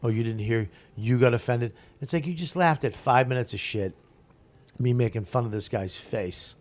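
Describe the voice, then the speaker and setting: A man in his forties spinning a story as a comedian guest, swearing freely and chuckling as he talks. His voice sits at an ordinary middle pitch and he talks in loose, restarting bursts. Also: moderate pace. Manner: profane, animated, laughs through stories. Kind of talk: casual storytelling.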